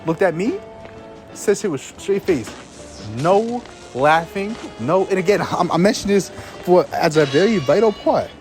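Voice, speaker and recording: A young man telling a story in a casual vlog, exasperated and swearing, laughing between restarts. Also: high voice. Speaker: vlogger.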